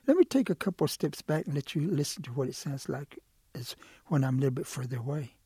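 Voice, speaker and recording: A man telling a folk tale plays a sly quail that coaxes and wheedles. The voice is raised, husky and dark, with a close, dry sound. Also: fairly high pitch, animated, fast, no room sound. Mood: coaxing. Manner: coaxing, wheedling. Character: sly smooth-talking male quail. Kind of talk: oral folk storytelling.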